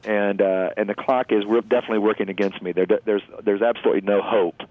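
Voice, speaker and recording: A man guest earnestly telling a personal story in a halting, emotional way, heard over a phone-like line. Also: on the low side, fairly even intonation, slight background noise. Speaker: interview guest. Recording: phone-like narrow line, dry.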